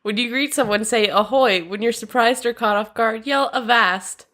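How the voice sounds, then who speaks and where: A woman's voice: fairly high pitch, fairly even intonation, a little fast, fairly bright tone. A woman co-hosting a podcast in casual comedic chat, teasing and wry, and sometimes reading a text aloud. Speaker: podcast co-host.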